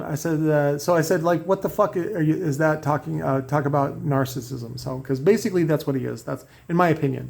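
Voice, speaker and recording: A man's voice: a little high, gravelly, darkish tone. A man talking in a rambling, profane monologue, reading out messages and restarting his sentences often. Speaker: car audio maker and host. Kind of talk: casual ranting monologue.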